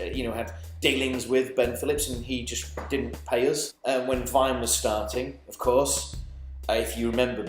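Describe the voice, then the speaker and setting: A man's voice: mid-range voice, darkish tone. Ranting man in his forties. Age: 40s. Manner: swearing, stammering restarts, heated and sarcastic. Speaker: vlogger. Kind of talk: angry ranting monologue. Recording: echoey room with faint music.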